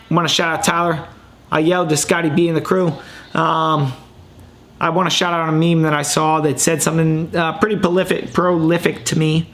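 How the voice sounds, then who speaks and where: A man talking into his home camera and computer mic for a casual sports podcast. His voice sits a little high, and he rambles in an excitable way while poking fun at himself. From Ohio. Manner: rambling, excitable, self-mocking. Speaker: podcast host.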